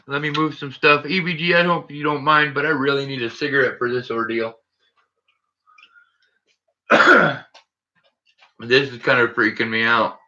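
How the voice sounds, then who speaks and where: Speaking straight to his livestream audience, this host jokes nervously in a bright, sharp-edged voice of medium pitch. His tone stays steady and his pace measured, with long pauses, over dull, lo-fi audio.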